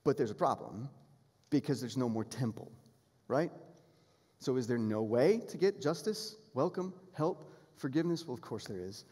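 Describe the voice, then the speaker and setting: A pastor preaching a sermon, earnest and emphatic, building toward appeals and repeating key phrases. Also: male voice, mid-range voice, lively intonation, normal speed, pauses often, mellow, slightly rough. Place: church sanctuary. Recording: long hall reverb in a church sanctuary.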